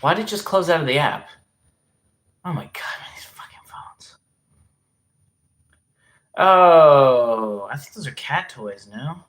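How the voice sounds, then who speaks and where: A man's voice: a little high, lively intonation, slow, long pauses, a bit bright. A young man hosting a live stream, rambling casually with lots of fillers and some swearing, and speaking with a regional accent. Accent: regional dialect, place unstated. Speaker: livestream host.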